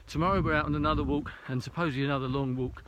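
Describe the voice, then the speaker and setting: A man's voice: a little high, steady tone, racing, noisy background. A man talking casually to a camera while hiking a snowy mountain trail, a little out of breath, rambling and hesitant with many fillers. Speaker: vlogger.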